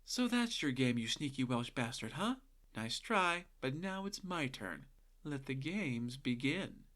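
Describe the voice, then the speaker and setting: A man's voice: sits high, sing-song, moderate pace, a bit bright, voice pushed up. A man voicing Jack, a polite and clever young boy hero who speaks gallantly and slyly. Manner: courtly and gallant, then sly.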